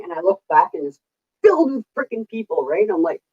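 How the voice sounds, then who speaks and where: A woman's voice: mid-range voice, lively intonation, quick pace, lo-fi sound. A middle-aged woman telling stories in casual chat, chatty, laughing often and swearing casually. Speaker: vlogger.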